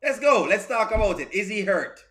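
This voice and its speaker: A man's voice: high voice, very animated, fairly quick, a bit bright. A man hosting a live reaction stream, reading out viewer comments and repeating himself with stammering restarts.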